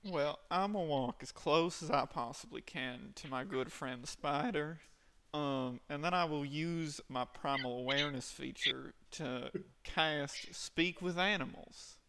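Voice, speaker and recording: Gravelly, slow-talking man. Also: a little high, pushed and bright, slight background noise. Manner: halting, filler-heavy. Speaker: player. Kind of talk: casual tabletop game play.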